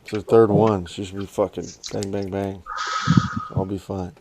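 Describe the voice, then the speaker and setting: A man's voice: deep voice, little pitch movement, moderate pace, background noise. A man co-hosting a podcast, talking in a laid-back casual way with easy swearing. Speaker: podcast co-host. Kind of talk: casual chat.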